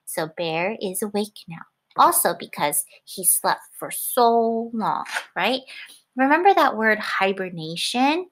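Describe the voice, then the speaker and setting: A young adult woman teacher reading a picture book aloud to her class, expressive, with gasps and questions to the children. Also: medium pitch, slow pace. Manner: expressive, gasping, asks questions.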